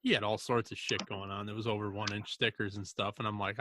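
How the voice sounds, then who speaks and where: A man's voice: on the low side, level tone, quick pace, background noise. A man hosting a casual outdoors podcast chat, laid-back and swearing casually. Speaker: podcast host.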